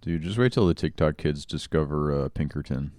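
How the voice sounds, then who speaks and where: A man's voice: a bass voice, lively intonation, a little fast, darkish tone, no echo, studio quality. A young man hosting a podcast, laid-back in casual chat. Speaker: podcast host.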